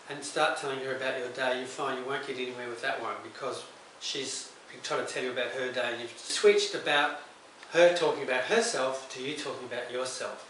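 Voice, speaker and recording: A middle-aged counsellor and psychotherapist offers relationship advice directly to camera, speaking plainly and conversationally at a brisk pace and occasionally acting out brief example dialogues. His medium-pitched, somewhat bright voice stays fairly even in intonation. The mic sits back from him, picking up strong room echo and faint hiss.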